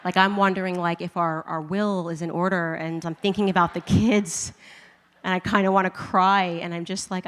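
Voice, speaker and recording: Woman, fairly low voice, animated storyteller who laughs a lot, reverb-heavy room. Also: brisk, clear, resonant tone. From United States. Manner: animated, laughing often, acting out her own reactions. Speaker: commentator. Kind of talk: personal testimony storytelling.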